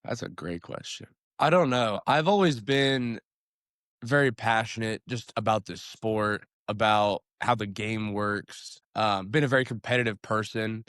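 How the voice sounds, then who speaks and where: A young man, a high school football coach, talks in a casual interview, upbeat and rambling, with lots of fillers and restarts. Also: unhurried, a bit bright, clean tone, no echo, clean studio sound.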